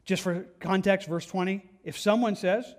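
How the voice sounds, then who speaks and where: A man's voice: high voice, steady tone, normal speed. A man preaching a conversational sermon as pastor, earnest and plainspoken, often asking his listeners questions.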